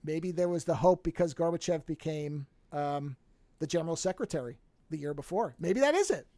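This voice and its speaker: A man hosting a podcast in casual chat, retelling a movie plot with lively acted-out lines and frequent swearing. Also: fairly high pitch, normal speed, no echo. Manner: animated storyteller, acts out movie characters, swears freely. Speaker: podcast host.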